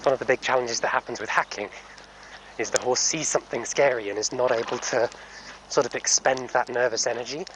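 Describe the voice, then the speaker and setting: A man training a horse, talking softly and coaxingly to the animal while explaining to viewers in a casual vlog. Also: medium pitch, fairly even intonation, a little fast, background noise. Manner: soft, coaxing talk to a horse, often hushed. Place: indoor horse stable area.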